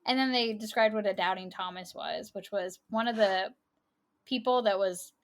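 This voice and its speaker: A woman co-hosting a podcast, chatting casually about a movie, quick to laugh and to admit when she's wrong. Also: medium pitch. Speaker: podcast co-host. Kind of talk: casual chat.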